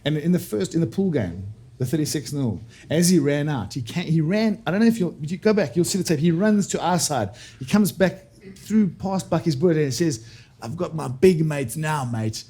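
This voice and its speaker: A man's voice: fairly high pitch, lively intonation, a little fast, warm tone, husky. A man from South Africa, a former rugby player, telling an anecdote as a podcast guest. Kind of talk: anecdote in casual chat.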